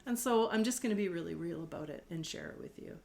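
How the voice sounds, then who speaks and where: A middle-aged woman giving a heartfelt personal talk, gentle and candid, a little tearful at times. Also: fairly low pitch, lively intonation, fast talker, gravelly. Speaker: host.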